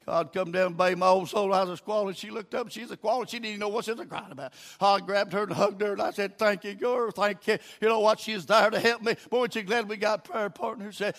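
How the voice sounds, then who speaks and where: Older southern preacher guy, high bright voice, folksy, goes hushed then hollers. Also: fairly even intonation, a little fast. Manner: folksy storytelling, swings from hushed to shouting. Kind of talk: sermon.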